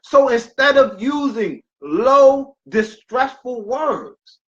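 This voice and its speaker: A man's voice: very high-pitched, expressive, slow pace, highs cut off. A man giving a motivational health talk as a wellness coach, preacherly and repetitive, with emphatic bursts.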